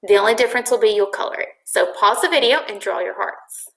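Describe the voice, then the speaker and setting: A woman teacher leading a video craft lesson for first graders, giving patient, clear step-by-step instructions. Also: mid-range voice, fairly quick, fairly bright tone. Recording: echoey room.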